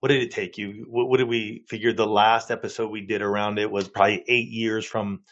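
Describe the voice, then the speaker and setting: A man's voice: on the low side, level tone, fairly quick, fairly bright tone, muffled recording. A man in his forties, a marriage coach and podcast guest, speaking earnestly and with emphasis. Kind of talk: podcast interview.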